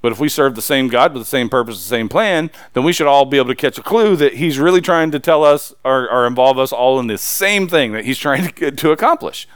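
A man preaching a sermon as pastor, swinging from loud, emphatic lines to low, confiding asides. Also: animated, fairly quick, hardly any pauses, clear, resonant tone, no echo, clean studio sound.

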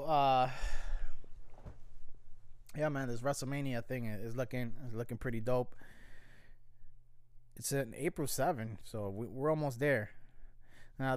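Casual male storyteller from the US, smooth and resonant, dry close sound, swears a lot and wanders off on tangents. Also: mid-range voice, normal speed, pauses often, dry recording. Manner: rambling, profane, wry.

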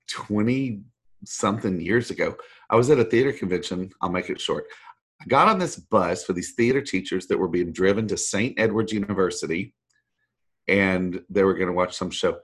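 A middle-aged Texan voice actor, appearing as a guest, tells a long anecdote in a rambling, animated way, acting out the people he quotes. His voice is husky and fairly low.

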